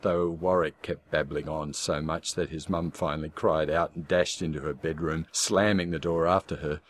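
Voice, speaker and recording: A man in scripted audiobook narration with a measured, darkly wry storytelling manner. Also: deep voice.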